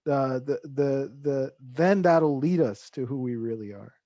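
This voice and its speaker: A man telling a parable as a podcast guest, halting with frequent fillers and restarts. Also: mid-range voice, mellow, no echo, lo-fi sound. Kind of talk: storytelling in casual chat.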